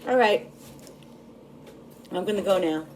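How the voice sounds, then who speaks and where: A woman's voice: mid-range voice, unhurried, very noisy. A woman in her fifties hosting a casual home cooking vlog from her kitchen, chatty and bubbly, laughing often. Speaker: cooking channel host.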